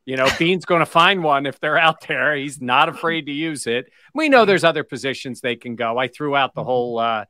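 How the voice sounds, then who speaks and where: Male sports host, sharp bright voice, dry close sound, steers the talk. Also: medium pitch, animated, fairly quick, few pauses, dry recording. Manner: leads the talk, poses questions to co-hosts.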